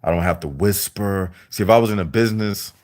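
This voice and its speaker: Low-voiced man. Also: darkish tone. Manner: deliberate, repetitive and preachy. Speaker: vlogger. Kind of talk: livestream monologue to viewers.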